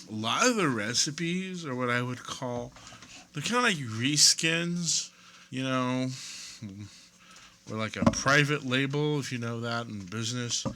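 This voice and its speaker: A man giving an off-the-cuff rant to camera, rambling and digressive, with wry self-deprecating asides and pauses while he leafs through a book. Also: medium pitch, sharp tone, a little hiss or hum. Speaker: video creator.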